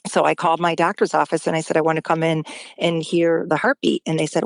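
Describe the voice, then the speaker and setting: A woman in her thirties telling a personal story in an earnest, halting way, with many fillers and restarts. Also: low voice, little pitch movement, creaky, no echo. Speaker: guest sharing a personal story.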